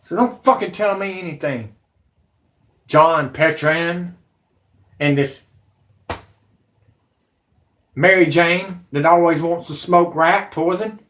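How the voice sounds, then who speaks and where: A man in his forties with a drawl rants at his audience in a combative, profanity-laced monologue. His voice sits somewhat high for a man. He sounds like a channel host talking straight to camera. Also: takes it slowly, long pauses. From Alabama, USA. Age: 40s. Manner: profane, combative, shouting at viewers. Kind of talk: angry ranting monologue.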